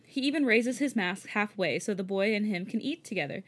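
A woman's voice: mid-range voice, animated, a little fast. A woman co-hosting a podcast, reading a fan story aloud and often breaking into giggles. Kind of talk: casual reading with giggling asides.

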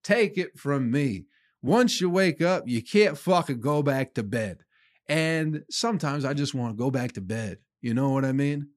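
A man's voice: mid-range voice, expressive, moderate pace, dry recording. A man hosting his own comedy podcast, delivering a rambling, profane monologue that he aims at listeners he calls people. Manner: acts out his own inner voice in quotes.

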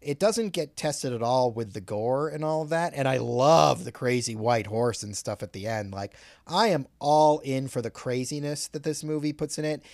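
A man's voice: mid-range voice, a little mellow, no echo, studio quality. A man co-hosting a podcast, chatting casually and a bit profanely as he recaps movie scenes at length. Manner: laid-back, profane, recounts scenes at length. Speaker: podcast co-host.

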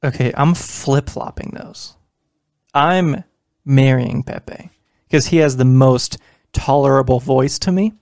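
A man's voice: mid-range voice, slow pace, vocal fry, darkish tone, dry recording. A man co-hosting a casual comedy podcast, who laughs often and trips over his words. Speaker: podcast co-host. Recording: dry close-miked sound.

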